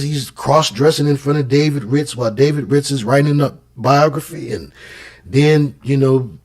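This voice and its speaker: A man's voice: medium pitch, darkish tone. Talkative man telling stories. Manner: storytelling, with many restarts. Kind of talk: casual conversation.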